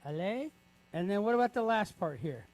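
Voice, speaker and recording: A man's voice: high voice, sing-song, a little mellow. A man teaching a reading lesson, breaking words into sounds and checking in with the class after each step. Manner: patient, checks in with frequent "right?"; spells out sounds slowly, syllable by syllable.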